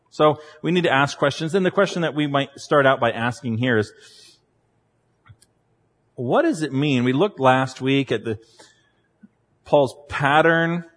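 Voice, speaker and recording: A man's voice: mid-range voice, fairly bright tone. A man preaching a sermon from the pulpit, conversational and teacherly, with humorous asides. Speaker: pastor. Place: church sanctuary. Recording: reverberant church hall.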